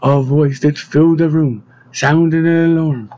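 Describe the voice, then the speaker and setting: A man's voice: a little high, fairly even intonation, measured pace, mellow, slight background noise. A man narrating a fantasy storybook aloud, slipping small voice changes into the dialogue. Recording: dull, dry close recording.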